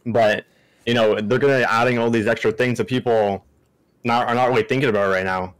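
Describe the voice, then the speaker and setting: A young man guesting on a casual gaming podcast, speaking relaxed with a slight lisp. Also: mid-range voice, a little fast, dry recording.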